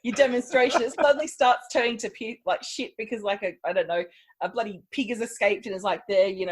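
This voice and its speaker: A woman's voice: on the high side, fairly quick. A woman co-hosting a podcast in casual chat, giggling as she riffs on jokes. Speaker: podcast co-host.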